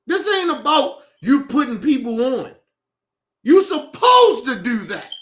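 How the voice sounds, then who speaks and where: A man with a very high, bright voice rants through a reaction stream, swinging his pitch widely as he talks in disbelief and swears freely. He speaks slowly and lets the outrage sink in. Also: very animated. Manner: incredulous, profane ranting. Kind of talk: reaction commentary.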